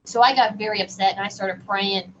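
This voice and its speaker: A woman guest on a radio show, telling a personal story in an animated, halting way with many fillers. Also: mid-range voice. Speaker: guest medium. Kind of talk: casual storytelling in a radio interview. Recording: distant, dull lo-fi sound with faint noise.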